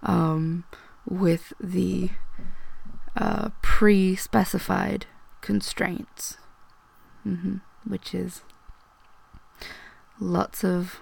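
A young woman chats in a soft-spoken, unhurried way, her sick voice heavily gravelly and husky. She rambles through questions, hesitating often and slipping into whispers. Her voice sits a touch low. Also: little pitch movement. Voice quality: rambling, hesitant, with many ums. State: sick, hoarse. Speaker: video host.

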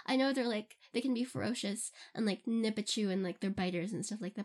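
Her mid-range voice is slightly mellow and a little fast, with hardly any pauses. This young audio role-play creator chats loosely through fan questions, full of giggles and filler words.

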